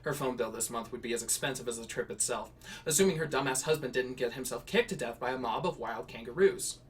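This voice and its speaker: A man's voice: medium pitch, quick pace, distant mic, a little hiss or hum. Man reading his own story, chuckling. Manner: laughing, self-correcting, rambling asides. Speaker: streamer writing flash fiction live. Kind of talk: casual streamed reading.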